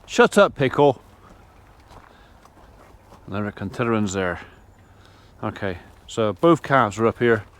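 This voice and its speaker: A middle-aged man, talking casually to camera while he does his farm chores outdoors. He rambles in a relaxed, chatty way and breaks off now and then to talk to his animals. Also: lowish voice, moderate pace, a little hiss or hum. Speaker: farmer vlogger. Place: farmyard outdoors.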